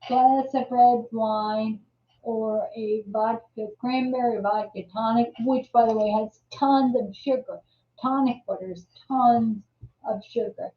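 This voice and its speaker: Woman host, slow and meandering, a bit high, on dull lo-fi audio. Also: fairly even intonation. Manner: rambling, many restarts and fillers. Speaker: live show host. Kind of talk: casual live-stream chat. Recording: roomy, distant, dull audio.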